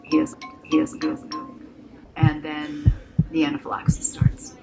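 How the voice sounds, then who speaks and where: A woman vividly recounting a frightening hospital experience, emotional and animated, acting out the people involved. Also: low-pitched, a little slow, loud music behind the voice, poor audio. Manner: emotional, animated, acts out voices. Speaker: patient telling her story. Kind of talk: dramatic personal storytelling.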